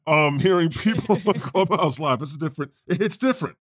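Male podcast host in a comic God persona, husky, lively inflection, wry jokey delivery. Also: a little high, fairly quick, no echo, studio quality. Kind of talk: comedic podcast chat.

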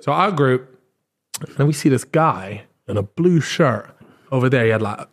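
A man, podcast co-host, telling a long story in casual chat, animated, swearing and acting out what others said. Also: mid-range voice, moderate pace. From Britain. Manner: animated, swearing, acts out quotes.

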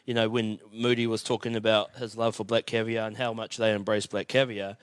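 A man's voice: lowish voice, flat delivery, brisk, clear, resonant tone, dry recording. A man, co-hosting a podcast and talking in an earnest, frustrated way. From New Zealand. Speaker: podcast co-host. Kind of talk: casual chat.

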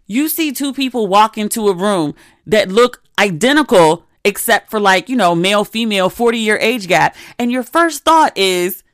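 A woman's voice: mid-range voice, lively intonation, moderate pace, no room sound, studio quality. A woman in her thirties hosting a podcast, telling candid stories in a casual chatty way with plenty of asides. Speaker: podcast host. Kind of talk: casual chat.

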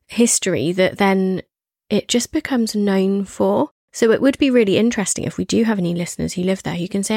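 A woman's voice: medium pitch, steady tone, a little fast, vocal fry, no room sound, clean studio sound. A woman co-hosting a podcast, chatting in a reflective way with plenty of fillers. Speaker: podcast co-host. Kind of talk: casual chat.

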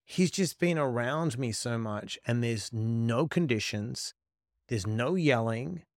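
A middle-aged man, a podcast guest, telling stories in an animated, profane way and acting out quoted lines. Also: medium pitch, takes it slowly, no room sound, studio quality. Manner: profane, emphatic, acts out quotes. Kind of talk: animated storytelling.

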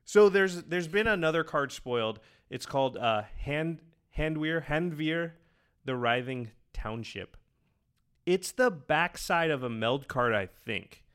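A man co-hosting a podcast, talking casually, quick and enthusiastic, rambling with restarts. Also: a little high, expressive, a bit bright, smooth. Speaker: podcast co-host. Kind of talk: casual chat.

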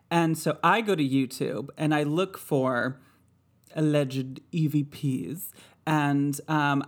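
A woman hosting a casual podcast chat. She speaks at an easy, unhurried pace and keeps a playful tone, breaking into laughter and rambling asides. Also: sits low. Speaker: podcast host.

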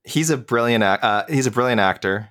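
A man co-hosting a casual podcast, talking in halting bursts with fillers and restarts. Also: medium pitch, a bit bright. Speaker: podcast co-host. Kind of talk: casual chat.

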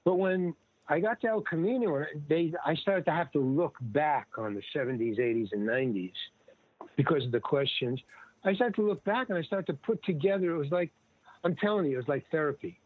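A man's voice: fairly high pitch, a little fast, husky, no echo. Older man rambling over a tinny line. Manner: rambling, digressive, acts out quoted dialogue. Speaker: guest actor and comedian. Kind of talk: casual conversational storytelling. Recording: tinny dry phone-like line.

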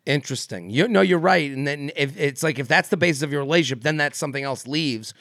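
Guy cohosting a podcast, fry in his voice, lots of likes and restarts, dry sound. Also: a little high, fast talker, fairly bright tone, no echo. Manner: rambling, many fillers and restarts, laughs often. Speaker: podcast co-host. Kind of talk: casual chat.

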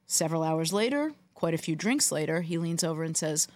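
A woman co-hosting a football podcast, telling jokes and stories in an animated way. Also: on the low side, brisk, hardly any pauses, dry recording. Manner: storytelling, animated. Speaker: podcast co-host. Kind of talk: casual sports chat.

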